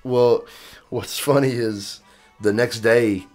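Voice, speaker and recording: A man's voice: medium pitch, steady tone, slow, darkish tone, soft background music. A young man from Texas co-hosting a podcast, telling stories in casual chat and acting out other people's lines. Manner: laughing storyteller, acts out quoted voices. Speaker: podcast co-host.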